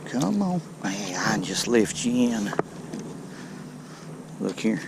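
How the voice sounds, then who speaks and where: Guy narrating his fishing trip, slow gravelly drawl, folksy, noisy outdoor boat sound. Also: fairly low pitch, big pitch swings. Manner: folksy and chatty, talks to fish. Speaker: fishing video host. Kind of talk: casual outdoor fishing commentary.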